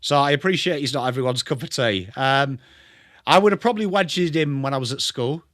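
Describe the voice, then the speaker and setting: An English man hosting a live sports watchalong stream, chatting excitedly and greeting viewers by name. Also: mid-range voice, fairly quick, no echo, clean studio sound. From England. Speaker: livestream host.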